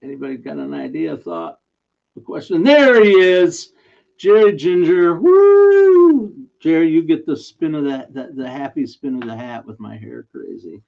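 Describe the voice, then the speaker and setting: Over dull lo-fi stream audio, a man with a mid-range, steady voice and some vocal fry talks at a moderate pace while running his daily trivia guess. He's chatty and self-deprecating on this casual live stream, often laughing in the middle of sentences.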